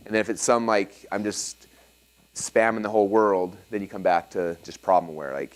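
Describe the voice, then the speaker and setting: A man's voice: low-pitched, a little fast. A man teaching a live seminar audience about marketing, telling stories with lots of fillers and restarts. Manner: energetic storytelling with many fillers and restarts.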